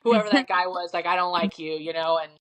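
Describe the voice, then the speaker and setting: A middle-aged woman with a Midwestern American accent, a podcast guest telling a story in an animated, chatty way. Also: on the low side, a little fast. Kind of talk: casual storytelling.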